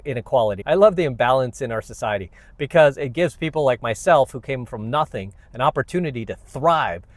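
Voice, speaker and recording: Guy ranting at the camera, kinda high voice, blunt and preachy, dead dry sound. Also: dry recording. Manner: blunt, combative and preachy, many "you know what"s. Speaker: vlogger, self-help channel host.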